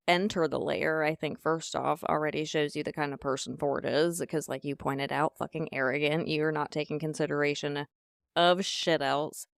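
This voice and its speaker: Gravelly, low-voiced female co-host. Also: no room sound, clean studio sound. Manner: candid and profane. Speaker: podcast co-host. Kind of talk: casual chat.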